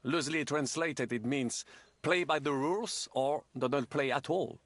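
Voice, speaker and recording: A man's voice: a little high, normal speed, fairly bright tone, no room sound. An actor playing a fussy, theatrical male language teacher in a game, precise and easily exasperated. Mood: patient, exacting. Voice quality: precise, exasperated tutoring manner. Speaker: language tutor. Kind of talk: game voice acting.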